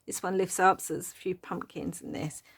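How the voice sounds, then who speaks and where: A woman's voice: fairly low pitch, fairly even intonation, moderate pace, creaky, breathy edge. A middle-aged woman hosting a casual craft-journal flip-through, chatty and rambling and prone to giggling. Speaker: craft channel host.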